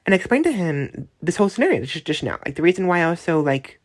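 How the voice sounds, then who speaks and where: A woman with a notably low, deep-set voice talks through a dream in a casual, unscripted voice memo. She rambles, doubles back on her words and keeps checking in with the listener. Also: big pitch swings, fast, darkish tone. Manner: rambling, many restarts and tag questions. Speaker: dream storyteller.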